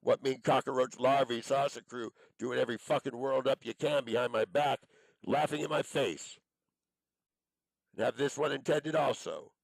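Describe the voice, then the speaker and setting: A man's voice: mid-range voice, moderate pace, vocal fry, no room sound, low-quality recording. A man delivering an angry, profane monologue, accusing and cursing as he rambles from one charge to the next.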